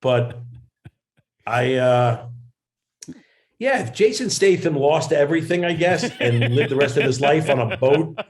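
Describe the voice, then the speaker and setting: Guy guest on a video call, mid pitch, rambly self-deprecating storyteller. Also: lively intonation, measured pace, pauses often. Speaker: actor and comedian, guest. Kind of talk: casual interview storytelling.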